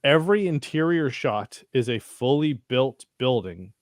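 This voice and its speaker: A man's voice: medium pitch, expressive, measured pace, no room sound, studio quality. A man in casual chat, rambling with restarts and casual swearing. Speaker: podcast co-host. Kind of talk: casual chat about a TV episode.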